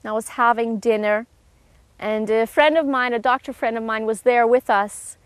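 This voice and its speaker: A middle-aged woman giving an emotional personal testimony, earnest and heartfelt, with halting restarts. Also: a little high, fairly even intonation, clean tone, no echo.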